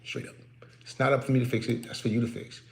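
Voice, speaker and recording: A man's voice: mid-range voice, flat delivery, quick pace, echoey room, slight background noise. A man working as a real estate investor, talking candidly and preaching a little to the listener, in a casual motivational talk from his office.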